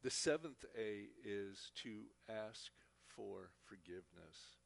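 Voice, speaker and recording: A man's voice: fairly low pitch, animated, slow, vocal fry. A man teaching a Bible class, speaking earnestly and often repeating words as he talks. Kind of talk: church teaching talk.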